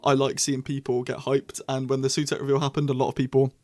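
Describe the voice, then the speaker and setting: A young man reviewing a TV series to camera in a chatty, rambling way with bursts of excitement. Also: medium pitch, quick pace. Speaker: TV show reviewer. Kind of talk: casual scripted review to camera.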